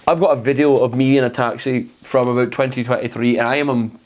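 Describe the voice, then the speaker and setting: A man's voice: medium pitch, fairly even intonation, quick pace, a little mellow. A man in his thirties co-hosting a comedy podcast, telling a story with frequent swearing and laughs. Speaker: podcast co-host.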